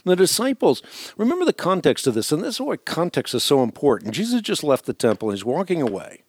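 A man's voice: on the high side, sing-song, quick pace, a little mellow. Emphatic man teaching the Bible on radio. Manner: emphatic, rising on key words.

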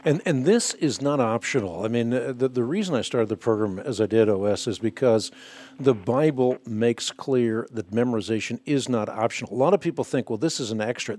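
A man's voice: mid-range voice, darkish tone. A man hosting a Christian radio talk show who makes his points emphatically, like a teacher.

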